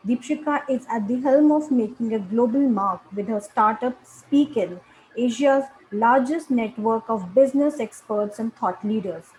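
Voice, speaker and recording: A woman host introduces a guest in a polite, formal way. Her voice sits fairly high, heard over a video call with a faint hiss behind it. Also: normal speed, a little mellow, poor audio.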